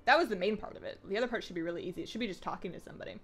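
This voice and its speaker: A woman from Canada with a Canadian accent, chatting casually with viewers on a live game stream and talking very quickly. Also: medium pitch, a bit bright, faint music behind. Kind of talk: casual live-stream chat while gaming.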